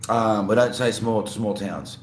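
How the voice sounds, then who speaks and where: A laid-back man with an Australian accent hosts a casual livestream, greeting viewers and reading out and answering their chat messages while he eats, rambling loosely. His voice is lowish, fairly even and unhurried, heard in a roomy echo with a faint hum behind it.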